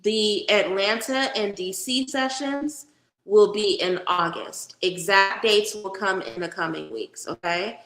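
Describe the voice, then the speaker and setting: Woman doing a live stream tarot reading, chatty and blunt, bright tone, echoey room. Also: medium pitch, measured pace. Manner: chatty and direct, swears casually. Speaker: spiritual reader and livestream host. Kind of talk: casual livestream talk with tarot reading.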